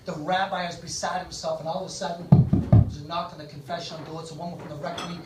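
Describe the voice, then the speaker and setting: A man's voice: a little high, level tone, fast talker, very noisy. A man telling jokes on stage in a comedy club, folksy, putting on voices for the people in them. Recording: echoey club from far off.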